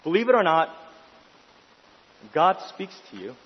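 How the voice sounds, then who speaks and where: A man with a fairly high, husky voice delivers a sermon in a large hall with a long reverb. He swings between urgent, rising questions and quiet, hushed stretches. The sound is dull and lo-fi. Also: big pitch swings, unhurried. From New York City. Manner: emphatic, rising to intense questions then dropping quiet. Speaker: pastor.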